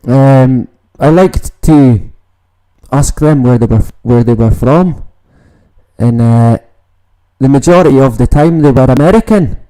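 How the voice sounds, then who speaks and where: A man's voice: mid-range voice, a little slow, dark tone, low-quality recording. A man hosting a casual late-night livestream, rambling, swearing and greeting viewers in the chat. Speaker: livestream host.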